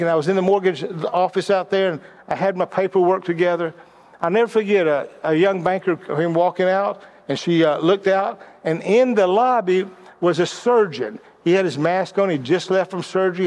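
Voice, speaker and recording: A middle-aged man with a notably high voice delivers a sermon-style lesson on leadership. He tells personal stories and often stumbles over words, repeating them as he restarts. His teaching has a narrative flow. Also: normal speed, darkish tone.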